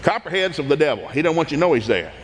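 A middle-aged man from East Tennessee, telling animated, folksy stories from his childhood, laughing often and acting out voices. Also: fairly high pitch, racing, in a large hall, a crowd in the background. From East Tennessee, USA. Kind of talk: folksy anecdotal storytelling.

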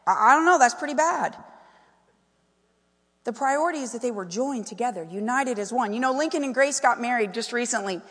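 A woman preaching a sermon, animated and full of questions to the congregation. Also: fairly high pitch, a little fast, in a large hall. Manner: animated, asks the crowd many questions. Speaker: pastor's wife preaching.

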